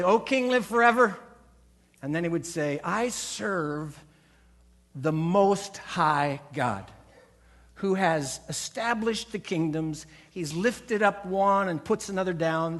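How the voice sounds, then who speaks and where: With a fairly bright tone and a fairly high, ringing voice, a male pastor preaches in a church sanctuary. Quoted voices get acted out, points get driven home with emphasis, and he guides the congregation through call-and-response.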